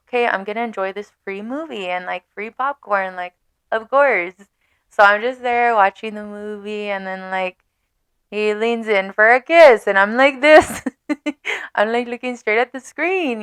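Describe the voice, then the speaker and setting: A young woman chats on camera in a casual storytime, animated and quick to swear and laugh. Her voice is smooth and clear, with a mid-range pitch. The recording is dry and close. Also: no echo. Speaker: vlogger.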